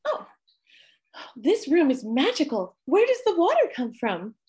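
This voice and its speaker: A woman's voice: high voice, huge pitch swings, measured pace, full character voice. A woman voicing a cheerful, wide-eyed young fairy-tale princess in an amateur musical audio drama. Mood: innocent wonder. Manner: sings brightly, wide-eyed and naive. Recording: loud instrumental backing music.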